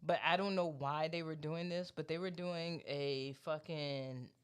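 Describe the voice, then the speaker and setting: A man co-hosting a podcast, telling a story in a loose, profane, animated way and quoting the people in it. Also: a little high, unhurried, clean tone. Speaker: podcast co-host. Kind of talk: casual chat, storytelling.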